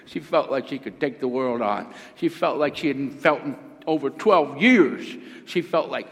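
A man's voice: mid-range voice, lively intonation, moderate pace, vocal fry, a bit bright. A man in his sixties, a pastor preaching a fervent sermon in a church hall, rising to emphatic exclamations. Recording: long hall reverb.

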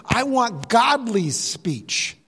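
An older man preaching a sermon, animated and jokey, sometimes mimicking other voices. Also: very high voice, drawn-out words, slightly rough. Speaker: pastor. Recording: reverberant hall sound.

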